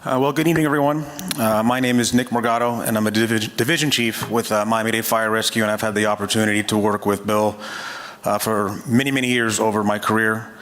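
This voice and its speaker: Low-voiced man giving a memorial speech. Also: fairly even intonation, a bit bright. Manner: measured, hesitant with many uhs. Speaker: fire division chief.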